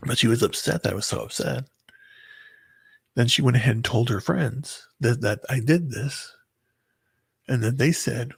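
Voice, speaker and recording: A man telling a painful personal story in a halting, rambling way, full of filler words and bitterness. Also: medium pitch, dry recording. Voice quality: very husky, gravelly. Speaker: person recounting a breakup.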